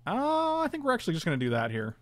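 A man's voice: sits high, huge pitch swings, rapid-fire, dry recording. A man casually commentating his own online card game, chatty and self-mocking, groaning at his bad draws.

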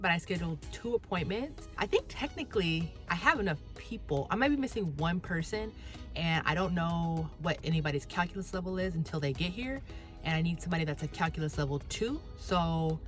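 A young woman and dental hygiene student vlogging casually from her car into a phone mic, rambling and swearing freely. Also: on the low side. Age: young adult. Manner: chatty and rambling, ranting and swearing when angry. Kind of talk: casual vlog, talking while driving. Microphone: phone with plug-in mic.

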